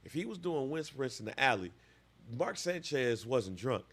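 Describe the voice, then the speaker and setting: A man's voice: mid-range voice, very animated, normal speed, a bit bright. A man in his thirties, a podcast co-host, telling a story with lots of animation and acting out voices in casual chat.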